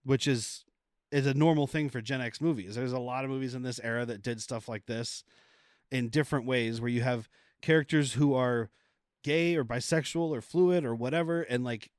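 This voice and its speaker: A man co-hosting a movie podcast, casually retelling scenes in an animated way. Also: mid-range voice, normal speed, clear, resonant tone, no room sound, clean studio sound. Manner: animated retelling, acting out quoted lines. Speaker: podcast co-host. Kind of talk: casual movie-review chat.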